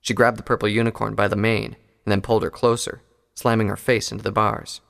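Male storybook narrator, measured delivery, gravelly tone, long reverb. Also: fairly low pitch, flat delivery, a bit bright. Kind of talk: audiobook reading of fan fiction.

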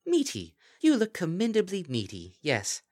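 A man's voice: high voice, huge pitch swings, normal speed, darkish tone, pitched above the performer's own voice. A man voicing a mischievous shapeshifting female kelpie fairy in a storybook reading, gushing and mock-polite. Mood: gleeful theatrical.

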